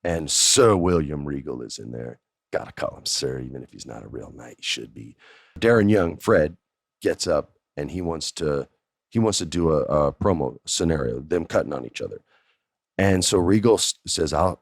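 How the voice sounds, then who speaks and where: A man hosting a podcast, telling a story casually, animated and profane, jumping up high in pitch for emphasis. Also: normal speed, creaky, no echo, studio quality. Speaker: podcast host.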